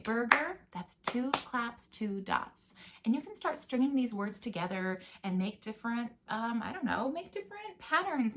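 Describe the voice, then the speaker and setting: Upbeat woman music teacher. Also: fairly high pitch. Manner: chatty and upbeat, chanting rhythm words. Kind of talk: casual video lesson.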